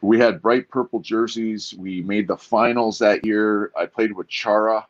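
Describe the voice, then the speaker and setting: Very deep male guest from Canada, forties, muffled lo-fi line, easygoing storyteller. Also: steady tone, measured pace, a little hiss or hum. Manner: laid-back, storytelling, says dude. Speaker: guest, former pro hockey player. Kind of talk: casual interview chat.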